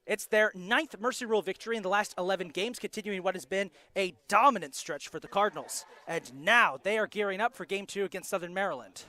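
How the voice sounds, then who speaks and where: A high-pitched man does play-by-play for a live college softball broadcast, reading the lineups in a steady announcer delivery and quickly fixing his own slips.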